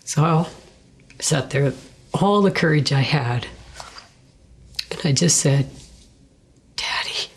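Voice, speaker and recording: Speaking as a guest, this middle-aged woman gives an earnest, emotional personal testimony in a conversational storytelling style. Her voice sits low, with a little hiss or hum in the sound. She voices what she and others once said, using whispers and pauses.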